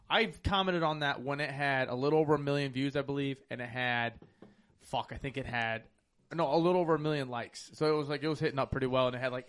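Fast-talking man in casual chat. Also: medium pitch. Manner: fast, profane, animated storytelling.

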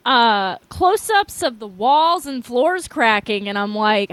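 A woman co-hosting a comedy podcast, giggly and animated as she recaps the story. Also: fairly high pitch, takes it slowly, no echo. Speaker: podcast co-host recapping episodes. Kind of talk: casual comedy podcast chat.

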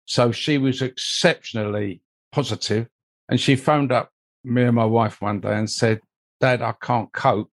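An older man, a mold investigator appearing as an interview guest, tells a long, rambling personal story full of "you know" asides. His voice is mid-range, with fairly even intonation at normal speed.

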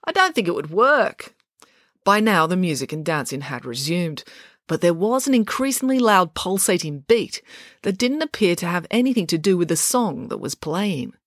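Lively woman reading a children's story. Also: lowish voice, moderate pace, no echo, studio quality. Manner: expressive, lively narration.

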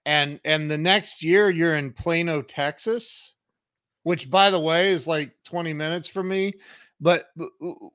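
Brief: male host, high voice, eager and reactive, dry close sound. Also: measured pace, sharp tone, no room sound. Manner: eager, reactive, exclaims and laughs along. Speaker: podcast host. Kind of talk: casual interview.

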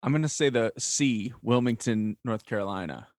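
A man's voice: mid-range voice, moderate pace, heavy background noise. Joking man as podcast guest. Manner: joking, laughs easily. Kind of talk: casual podcast chat.

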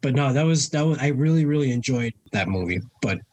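A relaxed interviewer asking questions in a casual chat, often pausing on fillers. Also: mid-range voice, slight background noise. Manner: relaxed, hesitant with fillers, laughs along.

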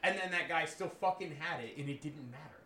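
A man's voice: on the high side, a little fast, echoey room, over a noisy crowd. A man hosting a casual podcast, telling a history story with lots of swearing and laughter. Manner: swears freely, laughs often, animated storytelling. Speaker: podcast host presenting a history topic.

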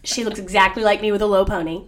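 A young woman co-hosting a chatty podcast. She tells stories with big energy, bursting into loud laughs and mimicking people as she goes. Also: mid-range voice, fast talker. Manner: animated storyteller, loud laughing outbursts and mimicry. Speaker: podcast co-host. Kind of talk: casual chat.

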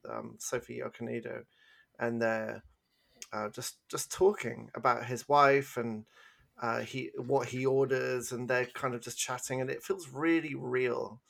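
A man's voice: mid-range voice, creaky, fairly bright tone. A man co-hosts a casual film podcast and talks things through in a loose, rambling way. He often laughs at himself and sometimes hums a tune or mimics a line mid-sentence. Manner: rambling, self-deprecating, with sung and mimicked bits. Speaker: podcast co-host. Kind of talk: casual film review chat.

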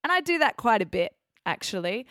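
A woman's voice: on the high side, very animated, brisk, sharp tone, no echo, studio quality. A woman with an Australian accent hosting a podcast for English learners, chatty and self-correcting as she carefully explains words. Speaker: podcast host.

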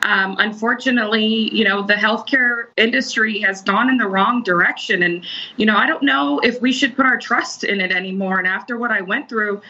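A woman guest answering interview questions in a measured, subdued, slightly hesitant way. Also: mid-range voice, sharp tone, lo-fi sound.

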